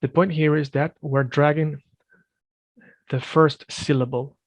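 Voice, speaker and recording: A Swedish teacher with a gravelly, fairly high voice and a level tone gives a one-on-one language lesson, firmly correcting his student. He drills each word slowly and repeats it. The recording is dry and close, like a video call.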